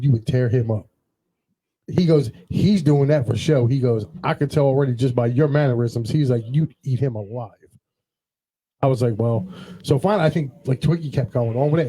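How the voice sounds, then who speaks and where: A man's voice: mid-range voice, warm tone, slightly rough, poor audio. A man hosting a casual podcast, telling rambling stories and acting out what others said. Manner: rambling anecdotal storytelling, quotes others in dialogue. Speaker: podcast host.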